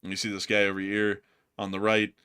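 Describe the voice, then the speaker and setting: With a fairly low, clear, resonant voice and a brisk pace, a man co-hosts a casual news commentary stream. He's animated and jokey as he riffs on war clips, breaking into silly voices and laughs.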